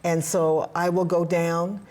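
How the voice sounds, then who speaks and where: A woman guest in an interview, speaking earnestly about faith and helping others, with frequent hesitant pauses. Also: on the low side, flat delivery, a little mellow. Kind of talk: heartfelt conversational interview.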